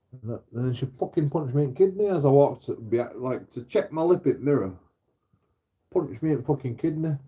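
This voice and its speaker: English streamer guy rambling, swearing a lot, low dark tone, laughs at himself. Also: lively intonation, moderate pace. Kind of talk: casual rant to viewers.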